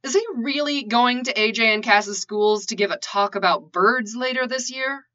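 Woman as wry teasing sister, bright and lively, dull lo-fi sound. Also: fairly high pitch, moderate pace. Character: sharp, teasing older sister. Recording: lo-fi dull recording.

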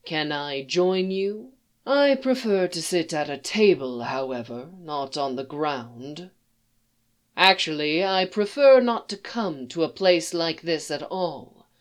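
A woman reads a story aloud, voicing a poised alien male statesman who is dry, measured, and quietly amused. That character speaks slowly, softly, and a bit distantly in a low, animated voice, with a dryly polite mood.

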